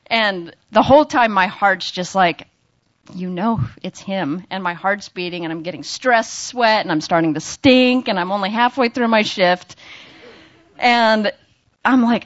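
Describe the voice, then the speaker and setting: A woman's voice: medium pitch, a little slow, no room sound, highs cut off. A young woman giving a personal testimony in church, chatty and self-mocking, laughing often and acting out her own lines. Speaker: church member sharing a testimony.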